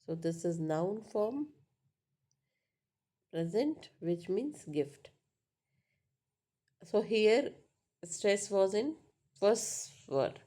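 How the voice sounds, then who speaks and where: Very slowly and with long pauses, a woman English teacher walks through pronunciation, repeating herself patiently and checking in with "right?" and "uh." Her medium-pitched voice is dark in tone yet animated.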